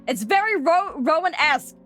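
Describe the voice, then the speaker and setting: High, lively Australian woman, giggly streamer chat, faint music behind. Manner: giggly, bubbly and excitable, quick gasps and squeals. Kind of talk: casual live-stream chat.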